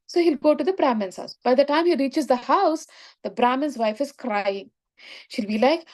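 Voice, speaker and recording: A woman's voice: high-pitched, expressive, normal speed, darkish tone. A woman telling a moral story in a spiritual lesson, often checking in with "right?". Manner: explanatory, frequent "right?" checks. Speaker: spiritual teacher.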